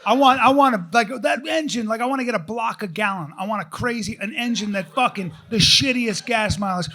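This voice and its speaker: A man hosting a live podcast on stage, ranting in an excitable, profane, rambling way. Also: sits high, a little fast. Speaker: podcast host.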